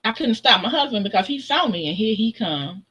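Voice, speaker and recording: Woman guest, casual storyteller, very lively up-and-down voice, laughs a lot. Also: a little high, a little fast, breathy edge, dull audio. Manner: animated, laughs often, acts out voices in her stories. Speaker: guest on a live stream.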